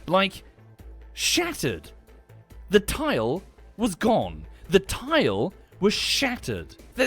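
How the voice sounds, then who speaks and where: A British man telling a story in casual monologue, exasperated and swearing freely as he talks. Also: on the high side. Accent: British English. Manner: animated, exasperated, swears freely, laughs often. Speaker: streamer.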